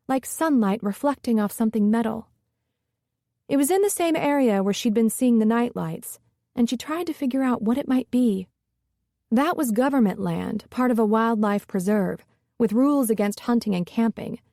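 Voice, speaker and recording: A woman narrating a romance audiobook with a smooth, steady reading. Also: fairly high pitch, no echo, studio quality. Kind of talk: scripted narration.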